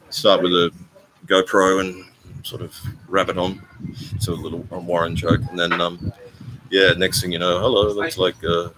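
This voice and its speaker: An older man chatting casually on a live stream, rambling and halting with many ums and restarts. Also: sits low. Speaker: vlogger hosting a live stream. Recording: noisy live-stream phone audio.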